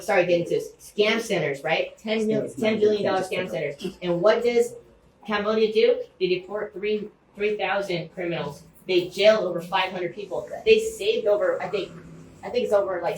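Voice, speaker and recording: A man giving an impassioned, rambling speech to a community group, with many fillers and restarts. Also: sits high. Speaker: guest speaker. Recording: echoey room, far from mic, faint hum.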